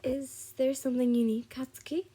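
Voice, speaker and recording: A tired woman reading the lines of a gentle, grieving mother in a fan fiction story. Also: high voice, flat delivery, normal speed, husky. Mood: sorrowful.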